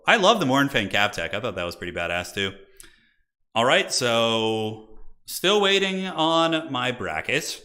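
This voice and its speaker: A man's voice: medium pitch, measured pace. A man casting a live game tournament on his stream, chatty and chatting with viewers as he goes. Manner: animated, chatty, talks to viewers in chat.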